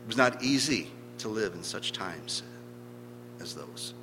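A man's voice: fairly low pitch, lively intonation, measured pace. A man preaching a sermon, emphatic, stressing key words by swelling in volume. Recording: long hall reverb with faint hum.

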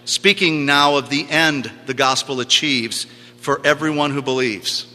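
Man, sermon, emphatic preaching, repeats phrases, very bright tone, long hall echo. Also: medium pitch, a little slow.

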